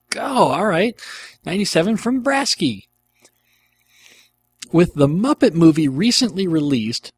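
A man's voice: mid-range voice, dry recording. Rambling middle-aged man with dry sound. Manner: rambling and enthusiastic, with frequent fillers. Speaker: podcast host answering listener questions. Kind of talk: casual chat.

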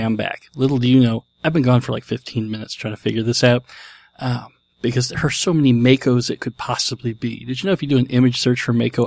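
A man's voice: medium pitch, no echo. A man hosting his podcast, talking casually with a jokey, self-deprecating manner. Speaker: podcast host.

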